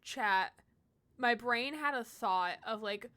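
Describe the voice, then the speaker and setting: A woman's voice: a little high, takes it slowly, pushed and bright, clear, resonant tone. A woman streaming a game, chatting in a playful, giggly way with her viewers. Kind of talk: casual live-stream commentary.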